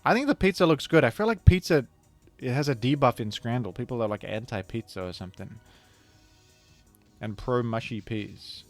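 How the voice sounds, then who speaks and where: A man talks through a game in a loose, chatty commentary, often correcting himself mid-sentence. His voice sits at an ordinary middle pitch. Faint music plays underneath. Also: lively intonation, moderate pace. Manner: rambling, chatty, self-correcting. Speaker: gaming video creator. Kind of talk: casual gameplay commentary.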